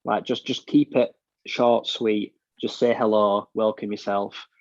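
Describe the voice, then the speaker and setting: A British man talks sport in loose, opinionated chat, often restarting his sentences. His voice sits low and barely moves in pitch. The recording is dry and a little muffled. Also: steady tone, measured pace, no room sound. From United Kingdom. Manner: blunt, opinionated, rambling with restarts. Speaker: podcast co-host. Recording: dull, dry lo-fi mic sound.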